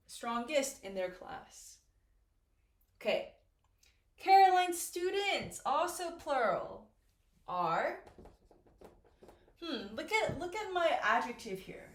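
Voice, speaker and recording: A woman teaching English grammar, explaining slowly and patiently and asking learners questions as she goes. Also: high-pitched, very animated. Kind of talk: slow, clear classroom explanation. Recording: echoey room with faint noise.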